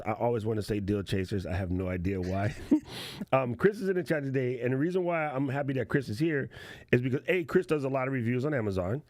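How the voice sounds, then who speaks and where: A man's voice: medium pitch, darkish tone, no echo. A man hosting a casual livestream show, playful and slangy, laughing often as he chats. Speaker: show host.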